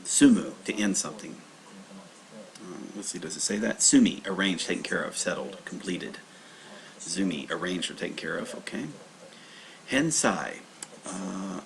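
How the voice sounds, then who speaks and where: A man's voice: low voice, gravelly, a bit bright. A man teaching kanji on a livestream in a rambling, casual way, with many fillers and restarts. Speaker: language teacher. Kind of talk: livestreamed kanji study lesson.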